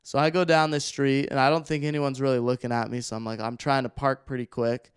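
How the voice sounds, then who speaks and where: A man on a podcast telling a story in a loose, animated way, full of filler words. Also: medium pitch, fairly quick, smooth, dry recording, studio quality. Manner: animated, rambling, heavy use of filler words. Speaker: podcast guest. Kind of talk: casual storytelling.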